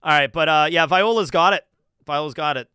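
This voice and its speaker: A man's voice: fairly high pitch, brisk, sharp tone, smooth, dry recording. A man from New Jersey giving chatty, casual livestream commentary, laughing often and swearing freely. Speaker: streamer.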